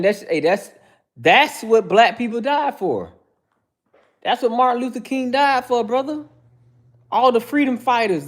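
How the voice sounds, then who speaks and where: A man hosting a livestream who answers viewers by name in casual, heated talk, calling everyone "bro.". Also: high voice. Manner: heated, preachy, says "bro" constantly; addresses chatters by name. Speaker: livestream host.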